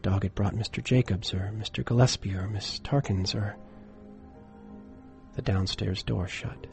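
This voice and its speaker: Male narrator for a dark tale: unhurried, lower register, measured with hushed suspense. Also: steady tone, vocal fry, music in the background. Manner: measured, dropping to a hush for suspense. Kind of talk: dramatic horror story reading.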